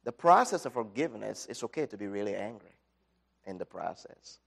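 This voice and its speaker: A middle-aged man giving an inspirational talk, telling a personal story with dramatic swings from loud to quiet. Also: lowish voice, very animated, a little fast, gravelly, breathy edge. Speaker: speaker.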